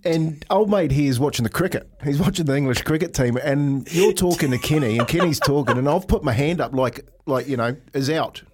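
A man's voice: on the high side, a little fast, few pauses, a little mellow, husky. A man co-hosting sports radio, telling stories and laughing with his co-hosts. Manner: storytelling, laughing. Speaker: radio co-host. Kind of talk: casual sports radio banter. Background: faint music.

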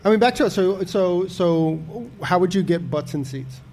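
Gravelly-voiced male interview host. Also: sits high, lively intonation, normal speed, darkish tone, slight background noise. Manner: hesitant, questions padded with fillers and restarts. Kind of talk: casual interview questions.

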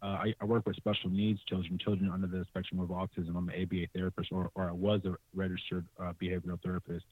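A young man from California tells stories in a casual, animated way, laughing often and pitching up to quote people. His voice sits low. It comes through a thin, phone-like call line with no room sound. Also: fast talker, few pauses, breathy edge, no echo. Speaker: podcast guest, hunter. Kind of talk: casual storytelling. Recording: tinny, dry remote call audio.

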